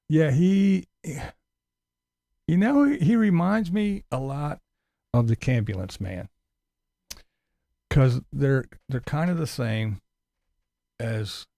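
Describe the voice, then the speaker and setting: Gravelly, profane man mocking on a live stream. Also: mid-range voice, dark tone, no echo, clean studio sound. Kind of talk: casual live stream commentary.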